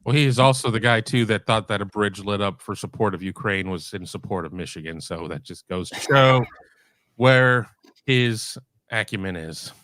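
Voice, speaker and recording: A man's voice: fairly low pitch, normal speed, fairly bright tone, dry recording. A man on a live sports podcast, speaking casually and with emphatic opinions.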